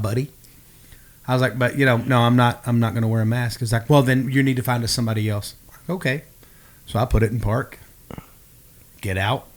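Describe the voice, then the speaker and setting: A man co-hosting a podcast, telling a story in a casual, animated way and acting out the dialogue. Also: mid-range voice. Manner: animated, acts out quoted dialogue. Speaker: podcast co-host.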